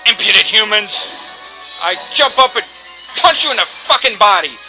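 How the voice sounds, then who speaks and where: A man's voice: high voice, animated, moderate pace, low-quality recording. Boastful fire monster guy, done by a man goofing around, mock monster voice, game music playing. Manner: mocking monster voice. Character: boastful giant male fire beast.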